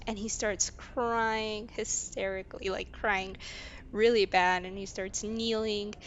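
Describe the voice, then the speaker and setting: A young adult woman telling a personal story in a casual storytime vlog, candid and halting, often sighing between phrases. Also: medium pitch, level tone, a little hiss or hum. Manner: candid, halting, with frequent sighs. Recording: slightly muffled lo-fi recording.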